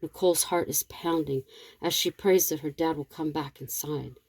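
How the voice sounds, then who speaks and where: A woman narrates a tense story in a steady, measured reading. Her voice is low and dark, and the recording is dry and close. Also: breathy edge, no room sound.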